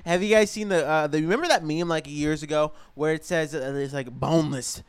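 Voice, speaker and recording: A man's voice: a little high, fairly even intonation, brisk, clean tone. A young man hosting a podcast in casual, joking chat, swearing a lot. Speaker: podcast host.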